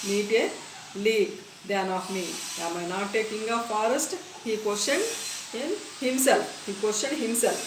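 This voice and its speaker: A woman teacher with an Indian English accent, reading a story aloud and stopping to explain words, repeating phrases slowly. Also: medium pitch. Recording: echoey room, distant mic, faint noise.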